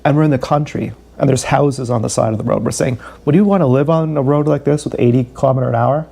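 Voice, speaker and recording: A man's voice: mid-range voice, fairly even intonation, fast, vocal fry, mellow. A man telling a long, candid, swearing story about his day in a rambling vlog. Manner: swearing, candid, self-deprecating, repeats himself. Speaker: vlogger.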